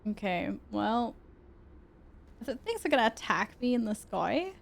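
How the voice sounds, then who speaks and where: Young woman game streamer, slightly high voice, chatty and exasperated, laughs at herself, talks at a home desk mic. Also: very animated, unhurried, creaky, slight background noise. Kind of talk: live gaming stream chat.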